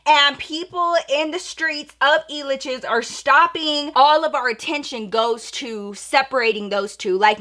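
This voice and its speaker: Young woman vlogger, high bright voice, animated storytime delivery, swears freely. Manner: animated, profane, acts out quoted dialogue. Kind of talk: storytime while getting ready.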